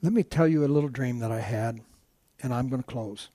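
A man's voice: medium pitch, brisk, dark tone, no room sound. A man giving a sermon as a guest preacher, telling a story with many restarts and asides to the congregation.

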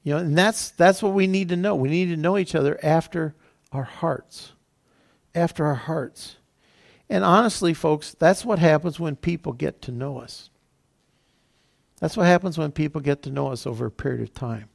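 Gravelly-voiced preacher, repeating for emphasis. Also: male voice, fairly high pitch, normal speed. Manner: reads scripture aloud then explains it in plain talk; repeats phrases for emphasis, many "you know" fillers. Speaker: pastor. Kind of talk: sermon.

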